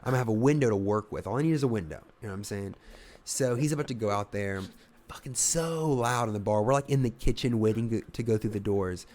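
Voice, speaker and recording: This young Ohio comic, speaking quickly in a lowish register, delivers an animated, expletive-filled podcast story. As it goes, he swears and slips into different voices to act it out.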